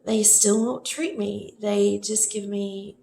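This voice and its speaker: A woman's voice: medium pitch, fairly even intonation, slow pace, vocal fry, warm tone. A woman casually telling a personal story to the camera, rambling with many fillers and self-corrections. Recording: echoey room with faint noise.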